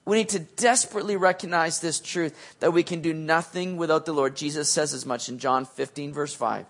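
A male pastor preaching a sermon in a casual, animated, slangy way, swinging between loud and soft. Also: on the high side, a little fast.

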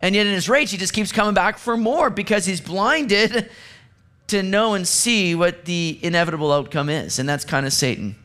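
Man, pastor, sermon, high-pitched, animated, acts out quotes. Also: normal speed. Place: church sanctuary.

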